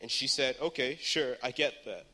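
A teenage boy gives an earnest youth sermon in a church hall, at times rising to fervent shouting. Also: mid-range voice, moderate pace. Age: teens. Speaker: teen speaker at church service.

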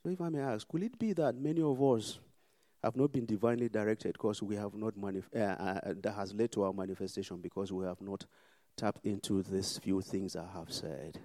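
Male pastor preaching, mellow tone, dry close sound, repeats lines hard then goes quiet for prayer. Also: on the low side, steady tone, fairly quick, dry recording. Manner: emphatic, repetitive, swings between loud exhortation and hushed prayer.

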